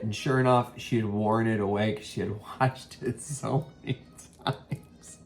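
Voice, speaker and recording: A man's voice: fairly low pitch, fairly even intonation, normal speed. A man hosting a casual thrift haul vlog, rambling with many ums and self-corrections. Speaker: vintage reseller and vlog host.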